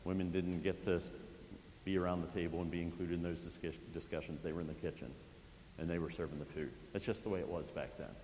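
A man's voice: sits low, steady tone, quick pace, a little mellow. A man, a pastor, preaching a sermon in a casual storytelling way, often adding asides as he retells the scene. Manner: conversational storytelling with frequent asides. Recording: echoey hall with faint hiss.

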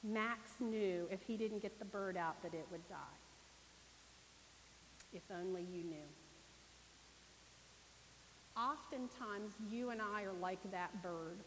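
A woman preacher giving a sermon at a church service, telling her stories with animation and acting out the people in them. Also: medium pitch. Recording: long reverb, faint hiss.

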